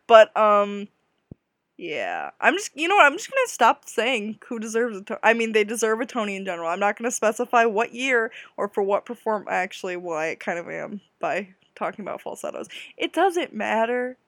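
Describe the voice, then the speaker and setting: A woman's voice: medium pitch, big pitch swings, normal speed, a bit bright, no room sound. A young woman hosting a casual solo podcast, gushing and giggly with self-deprecating asides. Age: young adult. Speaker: podcast host.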